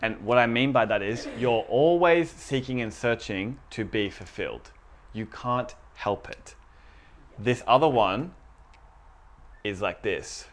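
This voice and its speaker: A man's voice: mid-range voice, takes it slowly. A young man giving a casual, conversational sermon to a small group, retelling a story with quoted voices.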